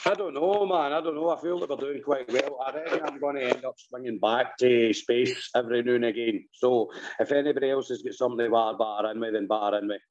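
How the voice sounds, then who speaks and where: A Scottish man in his thirties hosting a casual chat, sweary and quick to laugh as he tells stories. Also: mid-range voice, background noise. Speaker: podcast host. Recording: dull lo-fi sound.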